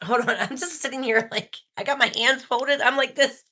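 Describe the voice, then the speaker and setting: A woman hosting a live-stream spirit box session, excitable and talking straight to her viewers. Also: high-pitched, moderate pace.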